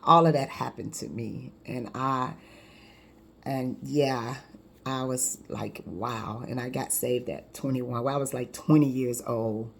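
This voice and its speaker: Animated woman telling her life story. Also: extremely low pitch, slow pace, vocal fry, a little hiss or hum. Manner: animated, conversational with frequent restarts. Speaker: life coach. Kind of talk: personal testimony storytelling.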